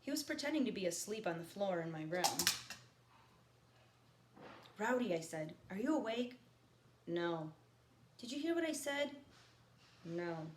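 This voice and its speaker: A woman teacher reading a novel aloud to her students, stopping for quiet teaching asides. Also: mid-range voice, very animated, measured pace, long pauses. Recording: echoey room with faint background noise.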